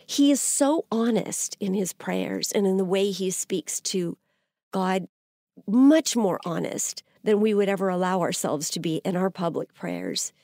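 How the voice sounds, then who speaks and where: A woman's voice: mid-range voice, animated, a little slow, dark tone, no room sound, clean studio sound. A woman giving an earnest podcast Bible teaching, her voice climbing when she voices a prophet's cries.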